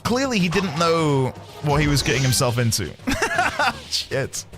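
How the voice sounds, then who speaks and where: A man's voice: on the high side, very animated, unhurried, over music. A man streaming gameplay, casual and self-mocking, joking with his viewers.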